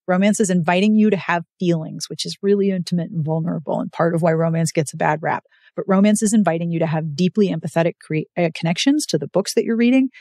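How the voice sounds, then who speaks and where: A woman's voice: fairly low pitch, no echo, studio quality. A woman hosting a podcast, talking casually and emphatically about books and reading. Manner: emphatic, animated storytelling. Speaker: podcast host. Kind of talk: casual chat.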